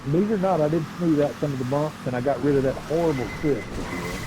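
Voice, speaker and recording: A man's voice: on the high side, lively intonation, fast talker. A middle-aged man, hosting a live game stream with laid-back, rambling, folksy talk. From Southwest Virginia, USA. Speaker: streamer and race host. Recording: game car noise behind voice.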